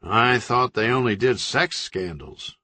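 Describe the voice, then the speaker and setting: A man's voice: mid-range voice, animated, a little slow, pushed and bright, no room sound. A man voicing a smarmy, self-satisfied male celebrity businessman with a glib, oily way of talking.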